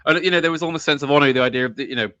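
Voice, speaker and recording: Bright-voiced man, eager and halting. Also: on the high side, dry recording, highs cut off. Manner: enthusiastic, halting, often laughing. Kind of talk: casual chat.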